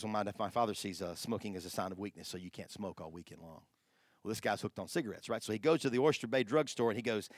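Pastor preaching, gets loud then goes quiet, dry close sound. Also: male voice, fairly low pitch, dry recording. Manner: animated, swings from hushed to loud exclamations. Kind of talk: sermon.

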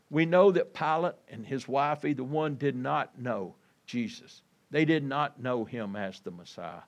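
A man preaching a sermon in a folksy, conversational way, reading scripture and talking to his listeners as folks. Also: mid-range voice. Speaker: pastor.

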